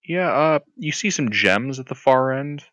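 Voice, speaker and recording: A man narrating a tabletop game as game master, animated and descriptive. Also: mid-range voice, unhurried. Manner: lively, animated narration with sudden shrieks.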